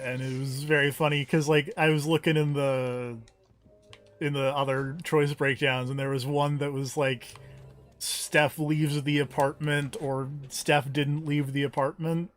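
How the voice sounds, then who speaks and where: A man's voice: mid-range voice, fairly bright tone. A man playing a game on stream, chatting casually and often stumbling over his words. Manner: hesitant, stumbles and repeats words. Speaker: let's play player. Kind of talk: casual gaming chat. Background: faint game music.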